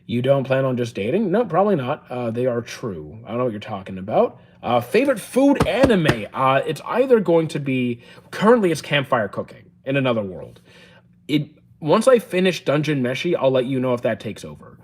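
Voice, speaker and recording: A young man, live-streaming and casually answering chat questions, chatty and relaxed with lots of fillers and restarts. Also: medium pitch, moderate pace, breathy edge. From Canada.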